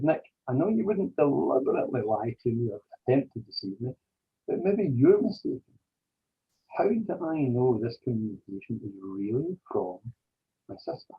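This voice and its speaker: A man, an interview guest, telling a personal story slowly and deliberately. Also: mid-range voice, slightly rough, muffled recording.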